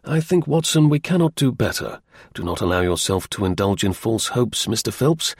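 A man voicing a sharp, aloof male detective who speaks in a measured, lecturing way, in a husky, gravelly voice. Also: fairly low pitch, big pitch swings, dry recording, full character voice. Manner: measured, explaining, a little dry.

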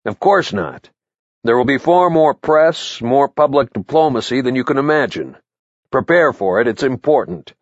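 A man's voice: medium pitch, expressive, normal speed, no room sound, muffled recording, voice pushed up, natural voice. A man doing a barking, blunt spy-chief mentor. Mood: brusque. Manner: barking, curt advice.

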